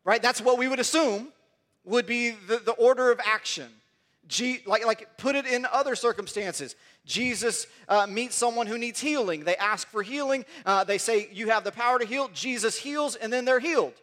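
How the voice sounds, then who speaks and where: A man's voice: very high voice, moderate pace, fairly bright tone. A man preaching a sermon in an earnest way, often repeating words as he builds toward a point.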